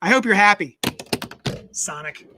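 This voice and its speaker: A man hosting a live comic unboxing stream, chatty and animated, with playful self-mocking asides, talking into a desk microphone. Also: high-pitched, unhurried, noisy background. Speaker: comic shop host.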